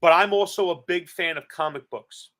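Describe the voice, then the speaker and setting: A man's voice: sits high, normal speed, a bit bright. A man from Staten Island, co-hosting a podcast and telling stories earnestly and with enthusiasm. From Staten Island, New York. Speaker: podcast co-host. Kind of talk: casual chat.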